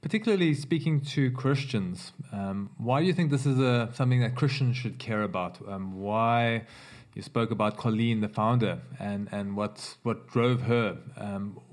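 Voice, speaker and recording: A low-voiced man interviews his guest. He asks measured, slightly hesitant questions. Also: a little mellow.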